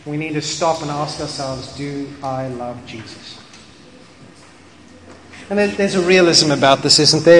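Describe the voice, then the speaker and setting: A man's voice: a little high, moderate pace, noisy background. Man preaching in an echoey hall. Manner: impassioned, swings from loud to hushed. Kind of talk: sermon.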